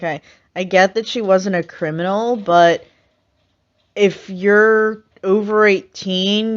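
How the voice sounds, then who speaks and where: A woman giving casual, sarcastic reaction commentary and laughing often. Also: lowish voice. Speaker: reaction video host. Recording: slightly muffled lo-fi recording.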